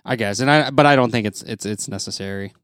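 A man co-hosting a casual podcast chat, teasing his friends and hedging his points with halting restarts. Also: fairly low pitch, a bit bright, clean tone, no echo, studio quality. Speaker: podcast co-host.

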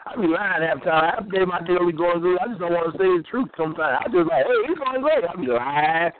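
A man's voice: on the high side, fast, crowd noise. A man bantering and teasing in a casual interview, joking about himself. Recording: tinny phone line.

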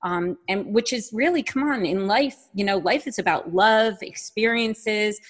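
A woman's voice: medium pitch, measured pace. A woman hosting a radio show, reflecting on her guest's story in a chatty way, with many fillers. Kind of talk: casual radio show interview.

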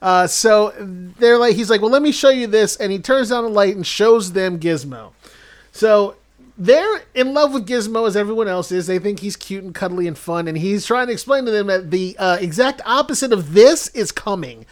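A man's voice: high voice, lively intonation, moderate pace. A man co-hosting a comedy podcast, casually retelling a movie plot in a rambling way and laughing as he goes. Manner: rambling, laughs through his own storytelling. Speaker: podcast co-host.

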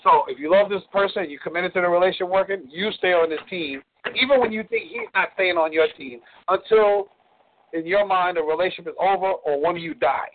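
A man's voice: sits high, a little fast, a little hiss or hum. A man giving blunt relationship advice on a call-in show, preachy and repeating words for emphasis. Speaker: relationship coach. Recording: tinny phone-line sound.

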